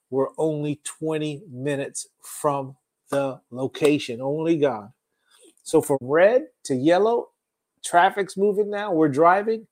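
Male preacher, slightly high voice, lively testimony delivery with sudden loud and quiet turns. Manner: animated storytelling, shifting loud and soft. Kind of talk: testimony sermon.

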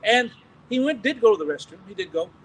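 High-voiced pastor telling animated stories. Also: male voice, quick pace, far from the mic, slight background noise, rough recording. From United States. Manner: animated, chuckling, restarting phrases. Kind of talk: storytelling sermon testimony.

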